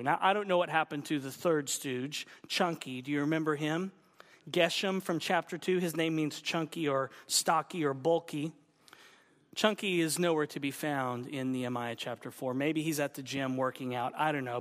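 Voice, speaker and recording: A man preaching a sermon with a high voice. He mixes playful jokes into the teaching and leans hard on key words. A long reverb trails behind him, as in a church hall. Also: normal speed. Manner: playful, jokey asides with lively emphasis. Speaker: pastor.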